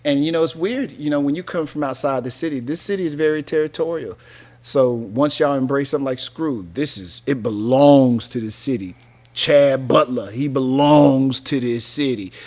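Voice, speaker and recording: A man's voice: medium pitch, moderate pace. A man in his fifties from North Carolina, a radio DJ telling stories in a casual interview with laughs and easygoing slang. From North Carolina, USA. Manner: animated, laughing storyteller using casual slang.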